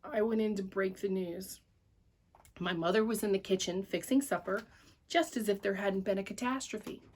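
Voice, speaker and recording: A woman reading a children's story aloud at church with an expressive, animated delivery. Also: medium pitch, moderate pace, slightly rough.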